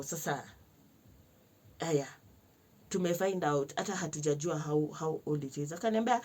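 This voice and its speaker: A young Kenyan woman telling a personal story to camera in a lively vlog, switching between slangy Swahili and English and acting out other people's lines. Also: fairly low pitch, normal speed, slightly rough. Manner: animated, mixes slang-heavy Swahili with English. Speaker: vlogger.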